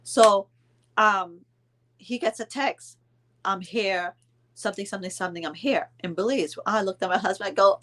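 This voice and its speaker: A woman's voice: mid-range voice, normal speed, fairly bright tone. A middle-aged woman telling a story to camera, retelling a family feud with indignant quoted dialogue and mild cursing. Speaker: storyteller vlogger. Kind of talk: casual storytime vlog.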